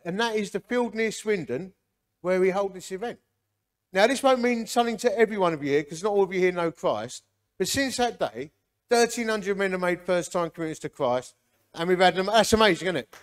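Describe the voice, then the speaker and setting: High-voiced, chatty preacher. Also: male voice. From Romford area, England. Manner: chatty, animated storyteller. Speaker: ministry leader. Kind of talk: humorous preaching testimony.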